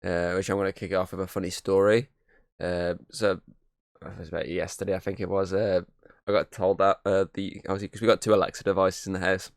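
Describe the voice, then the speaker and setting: A man hosting a casual podcast, rattling through a rambling story at speed. His voice sits a little low and sounds close and dry, with no room around it. He swears freely and leans on "obviously" as he goes. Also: flat delivery, fast talker, gravelly, no room sound. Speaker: podcast host. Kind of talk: casual chat, anecdote.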